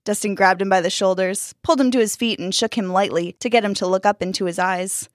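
Woman reading a spooky kids story, mid pitch, dry close mic. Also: fairly even intonation, a little fast, few pauses, no room sound. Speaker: narrator. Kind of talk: storybook narration.

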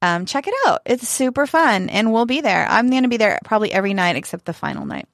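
A woman's voice: a little high, lively intonation, fast talker, no echo, studio quality. A middle-aged woman co-hosting a casual chat show, enthusiastic and prone to repeating herself. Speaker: podcast co-host.

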